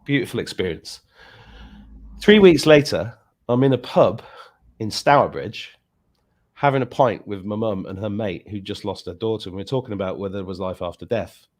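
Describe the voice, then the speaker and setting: Telling a story on his podcast, this host chats casually and animatedly, putting on voices for the people he quotes. His voice is lowish and his speed normal.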